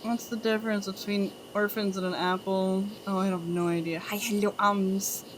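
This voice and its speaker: A woman's voice: mid-range voice, flat delivery, moderate pace, slight background noise. A woman streamer chatting casually with her chat, telling groan-worthy jokes and giggling at them.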